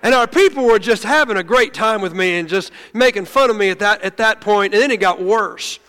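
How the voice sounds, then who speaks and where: A pastor telling a funny story in an animated sermon, stumbling and laughing as he goes. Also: high voice, brisk. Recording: long hall reverb.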